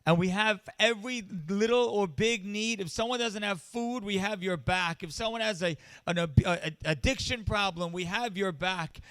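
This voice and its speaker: A middle-aged male rabbi delivers a storytelling speech at a charity event, his voice high and notably clear. He builds from quiet anecdotes to impassioned emphasis. The sound is dry and close, with no room echo. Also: moderate pace, hardly any pauses.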